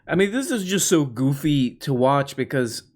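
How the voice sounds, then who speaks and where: A man talks through the news in a loose, sardonic way, stumbling over restarts and mocking the people he covers. His voice sits at an ordinary middle pitch. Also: very animated, moderate pace, a little mellow. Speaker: political commentary host. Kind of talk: casual commentary.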